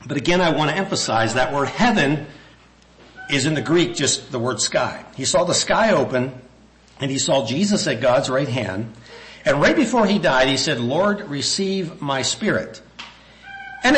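A man's voice: on the high side, fairly bright tone, low-quality recording. A man preaching a sermon, reading scripture passages aloud and thinking aloud with restarts and asides.

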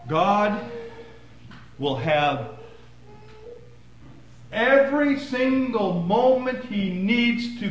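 A man preaching a sermon, swinging between hushed, low passages and loud, emphatic bursts. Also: echoey room, a little hiss or hum, low-quality recording.

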